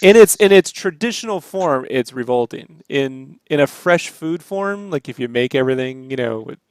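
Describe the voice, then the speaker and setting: An American man in casual chat, animated, laughing often and swearing freely. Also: mid-range voice, moderate pace, smooth, no room sound. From United States. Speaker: co-host. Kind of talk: casual chat while drawing.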